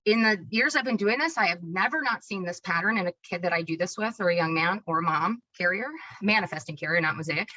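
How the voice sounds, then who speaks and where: A woman clinician explaining a concept in an energetic webinar talk, often checking in with "right?" and restarting her sentences. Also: on the low side, dull audio. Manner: energetic, self-described hyperactive, many tag questions and restarts.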